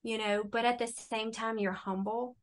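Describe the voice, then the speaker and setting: A middle-aged woman telling her faith testimony in a relaxed conversation, animated and acting out the voices she quotes. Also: a little high, moderate pace. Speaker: guest.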